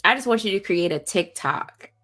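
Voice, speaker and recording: Teasing woman co-host, animated pitch. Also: normal speed, dry recording, soft background music. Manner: teasing, dismissive, laughing. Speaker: podcast co-host. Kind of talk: casual banter.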